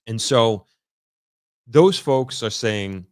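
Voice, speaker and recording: A vlogger gives his viewers a casual, unscripted on-the-ground update from the area it concerns, often stopping and restarting as he carefully picks his words. His voice is lowish and fairly bright at a moderate pace, in a dry recording with clean studio sound.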